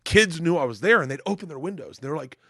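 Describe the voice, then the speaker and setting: A middle-aged man from Florida, a comedian guest telling animated, profane stories and acting out quotes loudly. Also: on the high side, fast, dry recording, studio quality. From Tampa, Florida. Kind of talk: casual storytelling chat.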